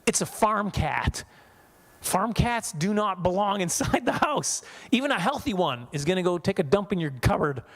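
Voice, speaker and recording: A man's voice: sits high, very animated, normal speed. A man in his forties from Saskatchewan doing a chatty, self-mocking stand-up comedy set, laughing at his own jokes. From Saskatchewan, Canada. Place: church hall.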